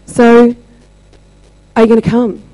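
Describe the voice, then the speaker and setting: A woman shares a testimony in a mellow, warm voice. She paces it slowly and leans on pauses for emphasis. The sound is dry and close. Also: fairly high pitch, completely flat delivery, dry recording, poor audio. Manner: slow, deliberate storytelling with emphatic pauses. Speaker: church member sharing testimony. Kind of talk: testimony sharing.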